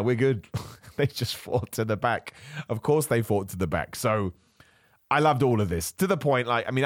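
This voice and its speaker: A man hosting a podcast, ranting in animated casual chat, laughing often and nursing a cough. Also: lowish voice, dry recording, clean studio sound. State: has a cough. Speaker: podcast host.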